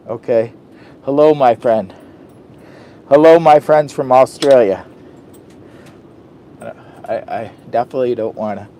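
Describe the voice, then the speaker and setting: A man's voice: mid-range voice, a little slow, long pauses, dark tone. A man chatting casually to the camera while camping in a hot tent, goofy and loopy, joking about himself in the third person. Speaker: camping vlogger. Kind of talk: casual vlog chat to camera.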